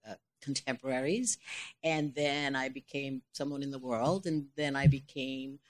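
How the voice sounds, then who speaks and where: An older woman, a stage actress, speaking as a panel guest before an audience, expressive and often laughing, restarting her sentences. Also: very deep voice, moderate pace.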